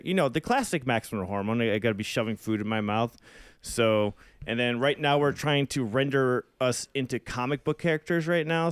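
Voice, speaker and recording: A man's voice: medium pitch, smooth, dry recording. A young man co-hosting a podcast, rambling casually and swearing now and then. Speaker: podcast co-host and musician. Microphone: phone.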